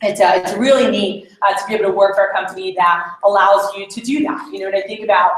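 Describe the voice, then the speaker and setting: A woman's voice: mid-range voice, fairly even intonation, quick pace. Woman rambling through a story at a team meeting, lots of "like" and "you know", echoey room. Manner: chatty storytelling with many fillers. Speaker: sales team leader addressing a meeting. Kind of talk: casual motivational talk.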